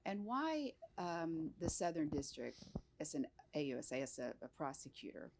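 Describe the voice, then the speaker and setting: A woman's voice: sits low, very animated, normal speed, noisy background. A woman interviewing an author on stage, asking long, winding questions in a friendly way. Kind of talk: moderated book talk.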